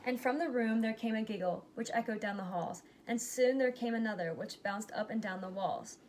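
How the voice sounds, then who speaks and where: A woman's voice: fairly high pitch, moderate pace, a little hiss or hum. Woman reading a rhyming storybook aloud. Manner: lively storybook reading with plain character voices. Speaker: reader. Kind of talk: reading a picture book aloud.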